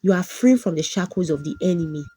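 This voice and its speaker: A man's voice: high-pitched, expressive, fast, warm tone, slightly rough, dry recording. A woman voicing a solemn, commanding male pastor in a folktale. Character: stern man of God, a pastor.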